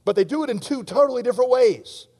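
A man's voice: extremely high pitch, lively intonation, quick pace, mellow, long reverb tail. A man preaching a sermon, speaking earnestly and straight to his listeners with frequent rhetorical questions. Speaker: pastor.

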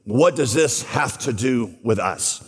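A man's voice: mid-range voice, animated, slow, husky. A man preaching a sermon, telling a Bible story and voicing its dialogue as he goes. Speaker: pastor. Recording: long hall reverb.

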